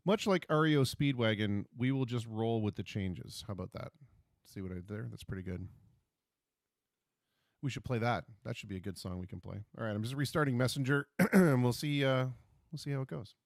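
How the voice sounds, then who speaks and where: A man's voice: mid-range voice, a little fast, dry recording, studio quality. A man hosting a casual livestream, talking at his computer with jokey, self-deprecating asides and puns. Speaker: livestream host.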